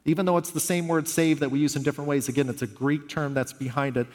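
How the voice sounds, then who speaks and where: A man delivering a sermon with a somewhat high voice. He talks in an earnest, conversational way and tells the stories with animation. His voice rings out with a long reverb, as in a large hall. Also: little pitch movement, fast, a little mellow. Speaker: pastor.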